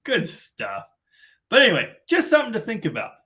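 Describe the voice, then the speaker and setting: Middle-aged Canadian man, live-stream host; bright, slightly high voice, rambling self-deprecating chatter. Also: wildly swooping pitch, fairly quick. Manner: rambling, self-deprecating, talks in long run-on chains. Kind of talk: casual live-stream chat.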